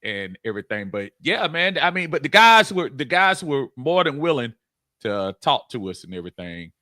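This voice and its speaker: A man co-hosting a relaxed sports talk show, his bright voice swinging widely in pitch. He rambles and restarts his sentences and laughs easily. The sound is close and dry. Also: moderate pace, no room sound. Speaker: co-host.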